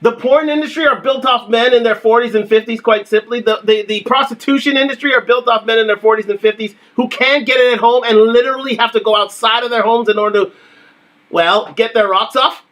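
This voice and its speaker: A man's voice: very high voice, fairly even intonation, brisk, a bit bright. A young adult man hosting a casual livestream, talking emphatically and repeating his points. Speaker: livestream host.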